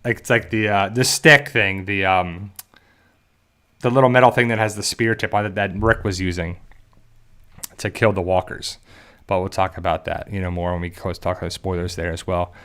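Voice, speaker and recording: A man's voice: sits low, steady tone, normal speed, fairly bright tone, clean tone. Rambling American man chatting to viewers. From South Jersey, US. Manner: rambling, many fillers and restarts; addresses viewers directly. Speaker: YouTube show host. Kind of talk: casual fan discussion.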